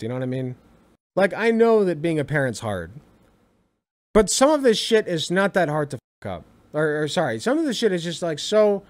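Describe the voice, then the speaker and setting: A young man giving casual reaction commentary, exasperated, swearing freely and repeating himself for emphasis. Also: sits high.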